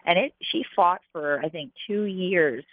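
A woman's voice: lowish voice, a little slow, dry recording. A woman jockey being interviewed, telling stories chattily with lots of fillers. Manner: chatty, animated, with many fillers. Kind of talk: casual interview storytelling. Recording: dry, tinny phone-like line.

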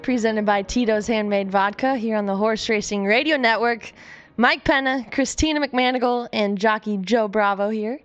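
A woman's voice: a little high, highs cut off. A woman co-hosting a radio talk show, asking conversational questions. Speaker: co-host.

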